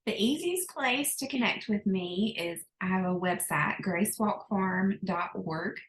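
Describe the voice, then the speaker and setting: A woman's voice: medium pitch, expressive, measured pace, roomy sound, low-quality recording. A woman with a Southern American accent, a podcast guest earnestly talking through her own story in casual chat.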